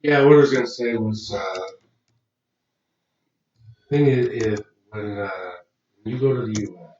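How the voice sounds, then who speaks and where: A man's voice: medium pitch, a little slow, darkish tone. A man co-hosting a podcast in casual chat, hesitant and full of "um" and restarts. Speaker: podcast co-host. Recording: distant, roomy, lo-fi mic.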